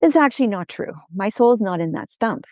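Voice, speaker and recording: A woman's voice: medium pitch, animated, brisk, darkish tone, dry recording, natural voice. A woman voicing a secretive husband who confides, in a matter-of-fact way, where his soul is kept.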